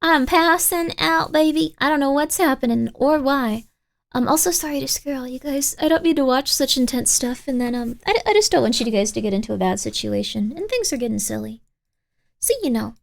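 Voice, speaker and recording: A young woman with a high voice chats casually on a live stream. She rambles and sprinkles her talk with "like", drifting from thought to thought. The tone stays loose and chatty. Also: vocal fry. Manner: chatty, rambling, heavy use of "like". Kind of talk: casual livestream chat.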